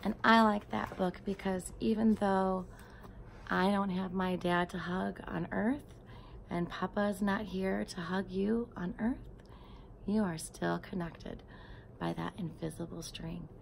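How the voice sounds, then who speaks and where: A woman reading a storybook aloud and then talking tenderly to her grieving nephews, often dropping into a soft whisper. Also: mid-range voice, steady tone, slow, gravelly, slight background noise. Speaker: aunt speaking to grieving nephews.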